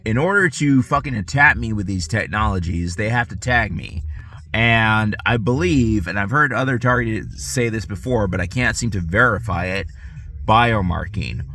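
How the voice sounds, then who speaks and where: A man's voice: fairly low pitch, measured pace, bright, forceful tone. A man ranting casually to camera, profane and rambling, often restarting his sentences. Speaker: vlogger.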